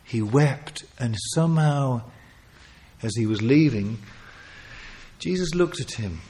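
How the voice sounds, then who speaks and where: A man preaching a sermon, earnest and pleading, swinging from loud emphasis to hushed, near-whispered passages. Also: mid-range voice, expressive, slow.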